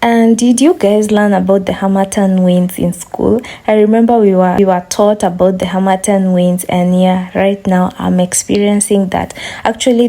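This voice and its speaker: A young woman with a hoarse voice from a sore throat, chatting casually to her viewers in a vlog. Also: mid-range voice, warm tone. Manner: chatty, addresses viewers directly. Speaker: vlogger.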